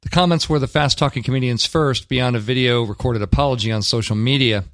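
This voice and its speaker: A man's voice: mid-range voice, fast talker, no echo, studio quality. Blunt, opinionated male radio host. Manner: opinionated, blunt, emphatic with frequent restarts. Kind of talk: casual talk radio commentary. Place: radio studio.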